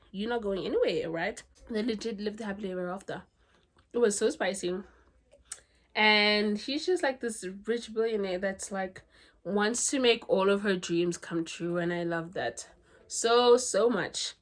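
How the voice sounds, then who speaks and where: Chatty giggly woman from South Africa. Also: mid-range voice. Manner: chatty, giggly, full of "like" and "legit". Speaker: book reviewer. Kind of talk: casual book review chat.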